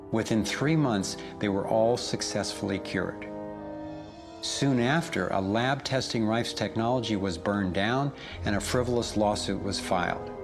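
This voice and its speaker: A man giving scripted documentary narration in an earnest, measured way. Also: lowish voice. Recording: voice-over with loud music underneath.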